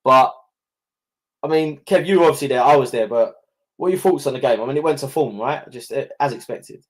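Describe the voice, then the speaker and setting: A man's voice: medium pitch, fairly quick. A young man hosting a casual podcast, chatty, swearing and laughing often. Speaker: podcast host. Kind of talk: casual chat.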